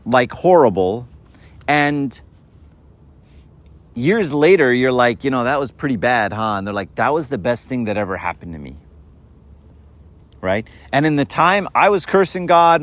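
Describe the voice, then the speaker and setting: Chatty male preacher, keeps asking "right?". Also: medium pitch. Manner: acts out quoted voices in a story. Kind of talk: informal sermon.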